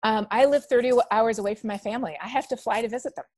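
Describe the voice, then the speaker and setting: Animated storytelling woman, dry close mic. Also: on the high side, fast talker, no room sound. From Canada. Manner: animated storyteller acting out quoted dialogue. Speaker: guest. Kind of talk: conversational podcast interview.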